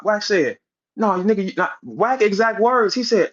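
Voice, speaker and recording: A man in a heated, profane rant, calling out a rival and mocking him with quick impressions. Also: high voice, very animated, fairly bright tone, slightly rough. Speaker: battle rap personality on a live audio space. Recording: muffled lo-fi stream audio.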